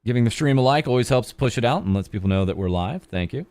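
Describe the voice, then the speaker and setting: A young man's lively, fast-talking voice sits in the mid range with a slightly mellow quality, recorded dry. He's streaming as a VTuber for charity, chatting casually, rambling, teasing himself, and peppering his speech with ums and uhs.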